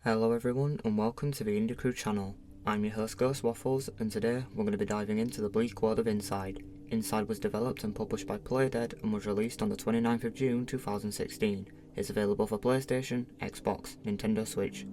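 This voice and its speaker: Man with a slight lisp, somewhat low. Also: noisy background. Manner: measured, read-from-script delivery. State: slight lisp from a dental appliance. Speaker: game reviewer host. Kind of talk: scripted review narration.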